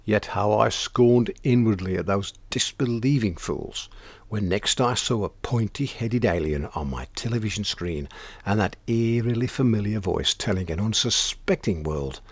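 A man narrating a comic first-person tale in dry, deadpan, mock-grand wording. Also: on the low side, normal speed, no echo. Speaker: storyteller.

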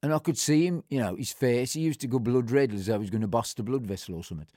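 A man's voice: fast, no echo, studio quality. An older man recounting a personal story in a blunt, plain-spoken and colloquial way, acting out remembered exchanges. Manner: acts out remembered exchanges with shifting pitch and loudness.

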